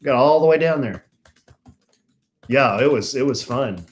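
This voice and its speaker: A man's voice: medium pitch, animated, unhurried, faint music behind. An older man, chatting easily as co-host of a live stream. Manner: easygoing, coos at the dogs. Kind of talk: casual chat on a live stream.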